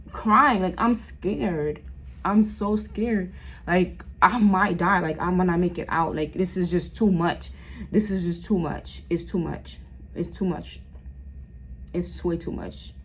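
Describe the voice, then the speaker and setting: A woman with a low, gravelly voice tells an emotional story slowly, halting and circling back over her words. Her voice climbs and drops with feeling as she speaks. A faint hiss sits under her camera-mic recording at home. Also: darkish tone, low-quality recording. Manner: halting, repeating herself, voice rising and falling with feeling. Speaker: vlogger.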